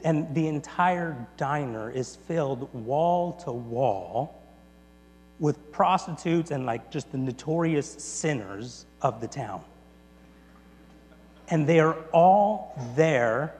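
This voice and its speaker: A man preaching a sermon, retelling a story in an animated way, swinging between loud and quiet with quick restarts. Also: mid-range voice. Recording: long reverb in a large hall, faint mains hum.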